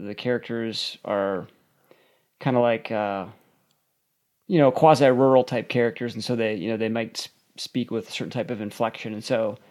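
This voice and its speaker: A man's voice: medium pitch, darkish tone. A man co-hosting a writing podcast, talking casually and hesitantly with many restarts. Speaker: podcast co-host.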